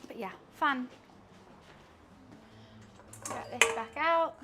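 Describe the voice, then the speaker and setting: High-voiced chatty woman streamer. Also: animated, unhurried, pauses often, heavy background noise. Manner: chatty, self-mocking, laughs often between lines. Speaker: live streamer. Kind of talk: casual chat to a live stream audience while cooking. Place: home kitchen.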